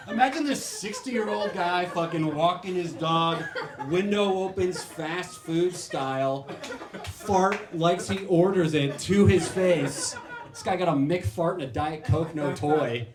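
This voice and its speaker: A man's voice: high voice, slow. A young man doing a stand-up comedy set on a club stage, swearing freely and acting out the people in his stories. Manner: animated, swearing, acting out quoted voices. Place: comedy club stage before a laughing crowd. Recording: roomy club sound with crowd laughter.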